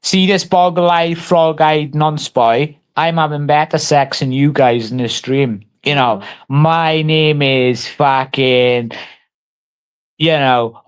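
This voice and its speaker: A man's voice: a little high, steady tone, takes it slowly, smooth. A man on a casual livestream, taunting and mock-threatening someone in crude, heavily sworn banter.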